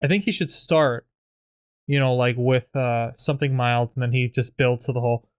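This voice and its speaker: Man, podcast co-host, casual rambling chat, clear resonant voice. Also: mid-range voice, steady tone, moderate pace. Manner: rambling, with lots of fillers and restarts. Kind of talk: casual chat about sketch writing.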